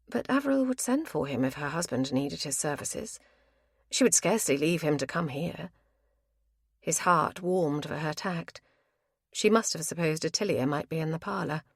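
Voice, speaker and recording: This is scripted audiobook narration by a woman with a low-pitched voice, delivered in a steady, measured way. The sound is dry and studio-clean.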